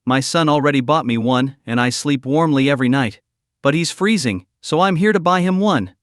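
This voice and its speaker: A man's voice: mid-range voice, animated, normal speed, no room sound, clean studio sound, natural voice. A man voicing a grateful, nostalgic elderly woman in a recap story, speaking earnestly.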